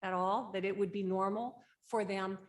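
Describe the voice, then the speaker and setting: Speaking at a normal speed with a medium pitch and fairly even intonation, a woman leads a grief-support workshop at a conference. Her explanation of the steps is hands-on and chatty, punctuated often by "right?", and she's in a conference room.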